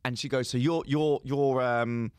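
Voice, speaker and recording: A man's voice: mid-range voice, fairly even intonation, unhurried, darkish tone, clear, resonant tone, no echo. A young man co-hosting a podcast, telling a comic story and acting out both sides of phone calls. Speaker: podcast co-host. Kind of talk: casual storytelling chat.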